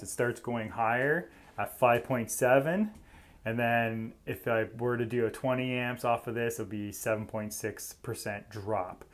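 A man, an electrician giving a casual, chatty tool demonstration indoors in an old house and explaining each step. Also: medium pitch.

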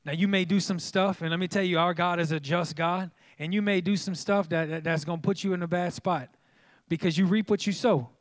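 A man's voice: high-pitched, fairly even intonation, a little fast, dry recording. A man preaching a sermon as pastor, emphatic and folksy, repeatedly calling out to the congregation.

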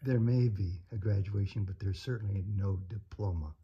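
A man's voice: fairly low pitch, normal speed, slightly rough, lo-fi sound. A man interviewing a guest, prompting and summing up his points. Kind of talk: conversational interview.

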